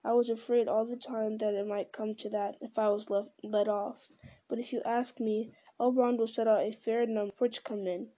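A talkative old hobbit rambles fondly, as a woman reads him aloud. His voice is mellow and a little high. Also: flat delivery, moderate pace, natural voice. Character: elderly male hobbit, chatty and fond.

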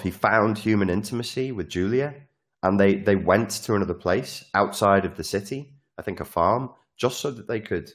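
A man hosting a casual, animated monologue who swears freely and acts out the quotes he tells. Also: on the low side, normal speed.

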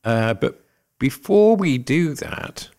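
A man's voice: medium pitch, big pitch swings, takes it slowly, a little mellow. A man co-hosting a podcast, chatting casually with rambling asides and lots of fillers. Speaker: podcast co-host. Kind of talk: casual chat.

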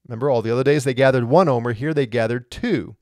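Man with a lingering cough, teaching scripture and posing rhetorical questions; medium pitch, dry room. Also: fast, darkish tone, dry recording. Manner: explains step by step, asks rhetorical questions. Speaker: Bible teacher. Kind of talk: verse-by-verse Bible teaching.

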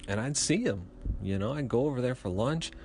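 A man's voice: medium pitch, expressive, a little fast, darkish tone, soft background music. A man telling a rambling, profane comic story with chatty asides.

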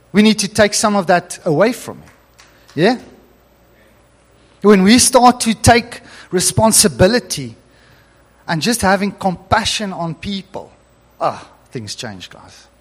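A middle-aged man preaching a sermon in a church hall, animated and chuckling as he reads scripture aloud. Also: sits high, unhurried. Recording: long hall reverb.

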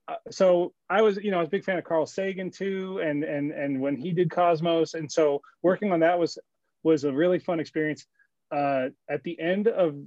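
A man's voice: on the high side, darkish tone, no room sound, lo-fi sound. A man co-hosting a podcast, casually telling rambling stories and acting out quotes, swearing freely. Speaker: podcast co-host. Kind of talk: casual storytelling chat.

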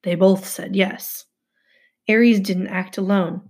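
Woman narrator, husky, some fry, steady first-person storytelling. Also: mid-range voice, slow. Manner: steady storytelling, hushed asides. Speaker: audiobook narrator. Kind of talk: first-person novel reading.

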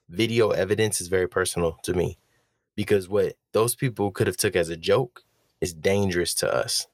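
A man's voice: deep voice, dry recording, studio quality. A young man, a spoken-word poet, breaking down his own poem and telling a personal story, acting out the voices he quotes. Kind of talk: reflective commentary with personal storytelling.

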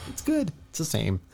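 Joking man with a lively voice. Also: fairly high pitch, vocal fry. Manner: joking, laughs often, self-mocking. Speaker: sibling in a casual chat. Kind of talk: casual chat.

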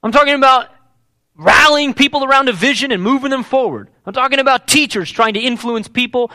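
Pastor type, male, high bright voice with big swings, emphatic sermon delivery, dry close sound. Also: brisk, no room sound. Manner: emphatic, repeats key words.

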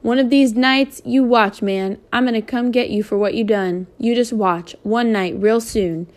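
A woman's voice: a little high, steady tone, a little slow, lightly acted. A woman reading aloud, voicing a drunk, hateful man who sputters threats. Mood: frenzied. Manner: sputtering threats, shouted at the end.

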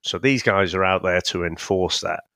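A man, co-hosting a casual film review podcast, laid-back and halting with the odd swear. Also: low-pitched, bright, forceful tone, dry recording, studio quality. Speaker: podcast co-host.

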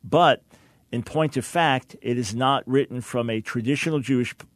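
A man hosting a call-in radio talk show, earnest and emphatic. His voice sits at a middle pitch and often repeats a word as he starts a sentence. The studio sound is dry and close. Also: moderate pace, no room sound.

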